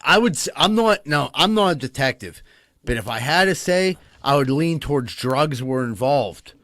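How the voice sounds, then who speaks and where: A man's voice: medium pitch, expressive, normal speed, a bit bright, no echo, clean studio sound. A young man, co-hosting a casual podcast and telling profane stories with frequent laughter. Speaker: podcast co-host.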